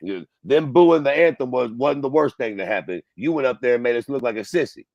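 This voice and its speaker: A man's voice: mid-range voice, lively intonation, fairly quick, creaky, a little mellow, no room sound, lo-fi sound. A man co-hosting a casual podcast, talking bluntly and profanely. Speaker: podcast co-host.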